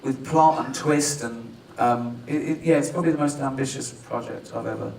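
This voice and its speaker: A man's voice: mid-range voice, normal speed, gravelly, a little mellow, slight background noise. A middle-aged man with an English accent, joking and self-mocking as he talks about his film at a press conference, often breaking into laughter. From England. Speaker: writer-director and actor. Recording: roomy hall, distant mic.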